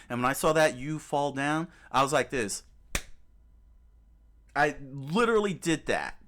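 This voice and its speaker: A man with a mid-range, fairly bright voice runs a gaming channel and gives casual commentary while browsing clips. He's emphatic and repetitive, with frequent restarts and fillers.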